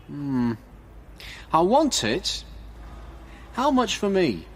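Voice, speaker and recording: A man doing a high, eager young man. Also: huge pitch swings, drawn-out words, slight background noise, heavily acted.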